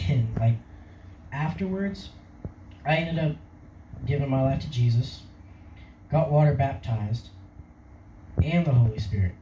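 A man's voice: medium pitch, echoey room, distant mic, background noise. A young man giving his personal testimony in a casual, rambling way, laughing often. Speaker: testimony speaker.

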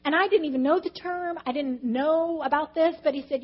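A woman's voice: high-pitched, a little fast, few pauses, dull audio. A woman preaching a testimony-style sermon, telling her story with animation and acting out her own past reactions.

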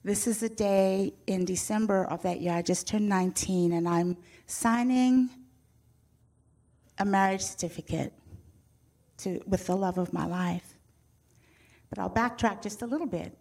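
An older woman from Zimbabwe shares her life testimony before an audience. Her voice sits at an ordinary middle pitch, and she tells the story in an animated way, with candid, self-teasing humor. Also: measured pace, pauses often. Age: 60s. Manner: animated storyteller who acts out quoted voices; frank and self-mocking humor. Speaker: speaker sharing her testimony. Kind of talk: personal testimony told to an audience.

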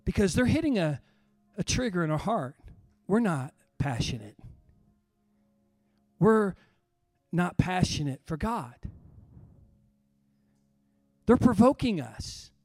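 A middle-aged male pastor with a strikingly high voice preaches with passion, sinking to near-whispers and then climbing to full shouts. The sound is close and dry, with faint music underneath. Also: very animated, measured pace, no echo. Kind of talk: sermon.

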